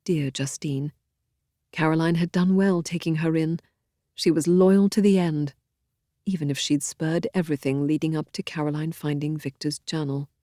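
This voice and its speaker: Brief: audiobook narrator, woman, low and dark voice, dry close studio sound, measured and expressive. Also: dry recording. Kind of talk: scripted narration of a historical novel.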